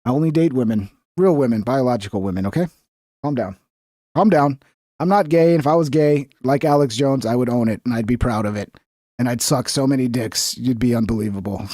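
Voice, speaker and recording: A man's voice: mid-range voice, quick pace, warm tone, no room sound, studio quality. A young man streaming casual commentary over a video, rambling and profane, with conspiratorial asides.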